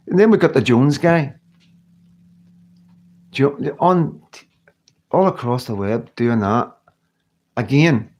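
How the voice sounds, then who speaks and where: A man's voice: mid-range voice, darkish tone. A middle-aged man from the United Kingdom talking earnestly and emotionally to viewers on a live stream, rambling and often restarting his sentences. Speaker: livestream host.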